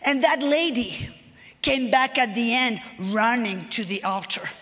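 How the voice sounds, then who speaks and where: A high-pitched woman delivers a sermon, retelling personal stories with animated energy and acting out the conversations. Her voice rings with long reverb in a large church hall. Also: a little slow. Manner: animated, acts out dialogue, repeats phrases. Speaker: guest speaker.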